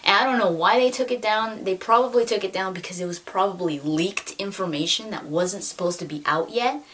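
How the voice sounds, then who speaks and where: A woman in her twenties chatting excitedly about gaming news with lots of fillers, recorded at home. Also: medium pitch, a little fast. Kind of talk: casual chat.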